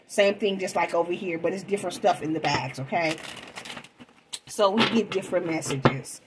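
A woman's voice: lowish voice, moderate pace, background noise. Chatty woman giving a tarot reading. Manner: chatty, calls viewers "babies" and "y'all". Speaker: tarot reader. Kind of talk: casual tarot reading vlog.

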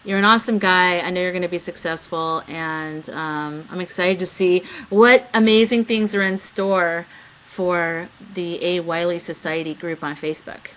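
A young woman hosts her own live webcam show, talking loosely to her viewers. She giggles often, reads chat messages out, and slips into quick quoted voices when retelling a story. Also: lowish voice, steady tone, a bit bright, a little hiss or hum. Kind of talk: casual live-stream chat.

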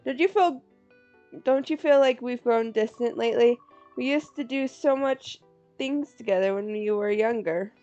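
A woman's voice: a little high, normal speed, mellow, highs cut off, faint music behind, natural voice. A woman voicing a doting parent speaking to their child, reading game dialogue in a folksy, fond way. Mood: wistful.

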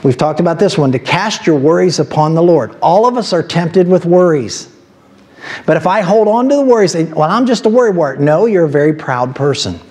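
A man's voice: a little high, animated, brisk, a little mellow. A man pastor preaching a sermon in a church, teaching from scripture and building to emphatic exhortation. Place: church sanctuary.

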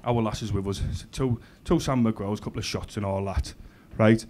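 A man's voice: lowish voice, steady tone, normal speed, a little mellow, slight background noise. A young man from Middlesbrough with a Teesside accent, doing a rowdy, sweary stand-up set that keeps checking in with the crowd. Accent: Teesside English. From Middlesbrough, England. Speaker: stand-up comedian. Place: comedy club stage.

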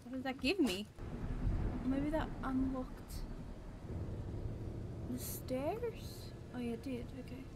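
A young woman streaming a horror game, reacting excitably, swearing, shrieking and laughing nervously. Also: high voice, slow pace, pauses often. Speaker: gaming streamer. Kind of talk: reactive gameplay commentary. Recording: noisy home recording.

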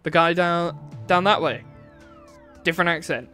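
A man's voice: a little high, normal speed, soft background music. A man from Newcastle, chatting casually and rambling through asides while playing a racing game. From Newcastle, England. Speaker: gaming channel host. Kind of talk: casual gameplay commentary. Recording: loud racing game engine noise behind. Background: race car engines from the game.

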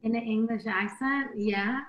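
A woman's voice: on the high side, a little slow, lo-fi sound. A young woman, a pop singer, chatting and giggling as a guest in a radio interview. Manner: giggly, bubbly. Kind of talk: casual radio interview chat. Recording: roomy echo.

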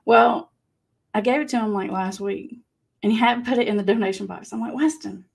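A woman's voice: a little high, fairly even intonation, brisk, creaky. A woman with a Southern US accent hosting a casual live chat, laughing often and reading out viewer comments. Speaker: livestream host.

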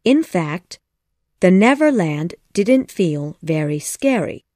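Woman reading a kids audiobook, slow and measured, lots of lilt, dry close sound. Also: lowish voice, big pitch swings, mellow, no echo. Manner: measured, clear storytelling. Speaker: audiobook narrator. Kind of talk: scripted narration.

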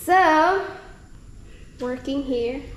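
A woman from the Philippines talks to her vlog audience in an unhurried, chatty way, slipping little laughs between her phrases. Her voice sits a bit high. The recording carries a clear layer of background noise. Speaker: family vlogger. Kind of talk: casual vlog chat to camera.

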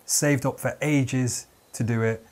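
A man's voice: mid-range voice, fairly even intonation, slow pace, darkish tone. A young adult man hosting a podcast, telling a comic story in a rambling way with lots of fillers and restarts. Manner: rambling, self-interrupting with many fillers. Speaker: podcast host. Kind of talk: casual comedic storytelling.

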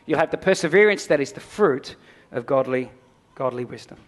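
A man's voice: mid-range voice, animated, brisk. A middle-aged man preaching a sermon as pastor, emphatic, with repeated phrases and prayerful asides.

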